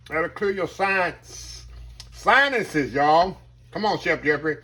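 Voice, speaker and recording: A man's voice: a little high, very animated, a little slow, pushed and bright. Folksy man hosting a cooking vlog. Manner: folksy, chatty, savoring food with hums. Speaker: cooking channel host.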